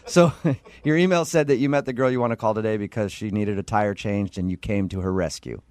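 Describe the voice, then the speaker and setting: A man's voice: on the low side, brisk, a little mellow, no room sound. A man hosting a morning radio show, joking and teasing his caller. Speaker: radio host.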